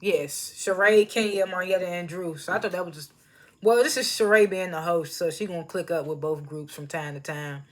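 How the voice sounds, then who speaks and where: This woman has a lowish voice and a brisk pace as she chats her way through a reality show recap. Casual and rambling, she drops slang freely and keeps laughing at herself.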